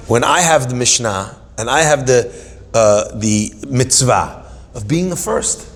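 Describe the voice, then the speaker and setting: A man giving an animated Torah class, telling stories with humorous asides and dramatic emphasis. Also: mid-range voice, a little slow, long reverb tail, slight background noise. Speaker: Torah teacher.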